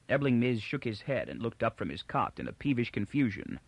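Expressive male audiobook narrator, measured, dry booth sound. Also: mid-range voice, creaky, no room sound, dull audio. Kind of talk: scripted narration.

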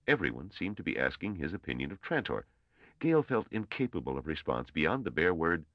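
A man narrating an audiobook in a measured, expressive storytelling manner. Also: very deep voice, no room sound, highs cut off. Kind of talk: scripted narration.

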